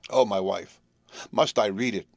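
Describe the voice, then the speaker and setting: Storybook part: a grief-stricken husband pleading, read by a man, low and dry. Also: measured pace, gravelly, dry recording. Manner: pleading and broken.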